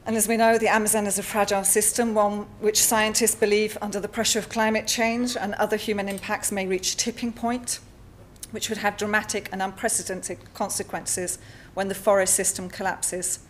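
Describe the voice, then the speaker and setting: Woman giving a measured conference talk. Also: mid-range voice, little pitch movement, a little hiss or hum. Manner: measured, with frequent fillers and pauses. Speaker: artist presenting at a symposium. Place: lecture hall.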